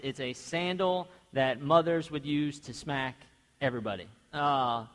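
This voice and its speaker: Conversational young preacher in a reverberant church. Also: male voice, on the high side. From grew up in a half-Mexican household. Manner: conversational, asks the congregation questions; animated storytelling, acts out quoted voices. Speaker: pastor. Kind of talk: sermon. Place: church sanctuary.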